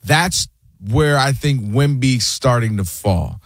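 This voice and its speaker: A man hosting a sports talk show, making an animated and opinionated case in casual commentary and slipping into quick impressions of fans and players. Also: mid-range voice, no room sound, studio quality.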